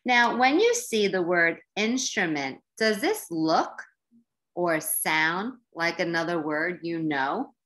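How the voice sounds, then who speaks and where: A woman teacher with an American accent leads a classroom lesson for young learners. She speaks slowly, in a very lively and varied voice. Her manner is encouraging, and she stretches words out syllable by syllable. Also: fairly low pitch. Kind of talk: slow, clear classroom instruction for young learners.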